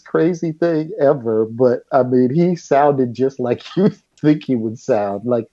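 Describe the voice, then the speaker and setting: A middle-aged man telling a story as a guest, animated and laughing as he goes. His voice is mellow and dark. The audio is dull and lo-fi. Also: a little high, a little slow, hardly any pauses. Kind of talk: storytelling in casual chat.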